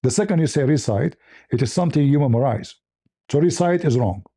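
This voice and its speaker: A man's voice: medium pitch, animated, a little fast, mellow, dry recording, studio quality. A man hosting a call-in livestream, arguing insistently with a caller and mocking the other side's points. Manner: mocking, insistent, laughs at his own points. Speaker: livestream host debating a caller. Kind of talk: argumentative livestream call-in debate.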